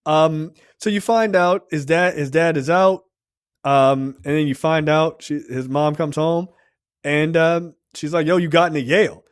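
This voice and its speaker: A man's voice: a little high, unhurried, clear, resonant tone. A man co-hosting a casual movie review podcast, telling scenes with swearing and acted-out quotes. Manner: animated storytelling, acts out quotes, swears freely. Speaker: podcast co-host.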